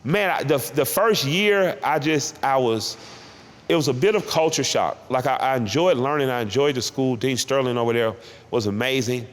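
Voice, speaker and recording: A middle-aged man from Atlanta, talking candidly and emotionally in a sit-down interview, with halting restarts. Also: mid-range voice. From Atlanta, Georgia. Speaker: interview guest. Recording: roomy hall with faint background noise.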